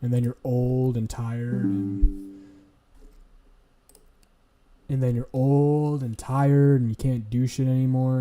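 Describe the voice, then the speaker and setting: A man's voice: medium pitch, mellow. A man streaming, ranting casually in a profane, blunt, lecturing way.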